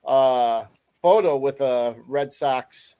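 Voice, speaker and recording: A man's voice: medium pitch, slow, mellow, clear, resonant tone. A man hosting a sports podcast, telling stories in a chatty way with lots of fillers. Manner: chatty storyteller with many fillers. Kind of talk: casual podcast interview.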